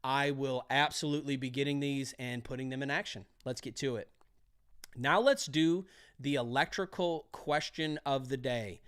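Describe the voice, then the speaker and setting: A man coaching electricians for their exam, energetic and pep-talking, repeating key phrases. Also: mid-range voice, moderate pace, clean tone. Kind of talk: motivational trade lesson.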